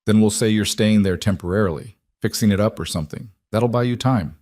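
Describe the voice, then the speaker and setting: A man's voice: lowish voice, a little fast, a little mellow, no room sound, lightly acted. A man reading the part of a terse, plain-spoken rancher who talks bluntly and dryly. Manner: blunt and dry.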